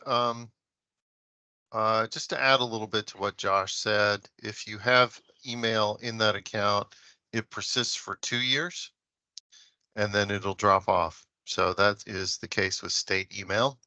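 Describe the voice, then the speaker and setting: A man adds polite, hedging remarks at a public board meeting over a video call and thinks aloud as he goes. His lowish voice sounds bright and forward, recorded dry and close. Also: fairly even intonation, a little slow, dry recording. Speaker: assistant state librarian.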